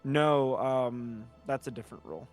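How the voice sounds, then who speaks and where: A man's voice: mid-range voice, a little slow, soft background music. A man playing a tabletop game, speaking hesitantly with many fillers. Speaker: player. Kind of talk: casual tabletop play.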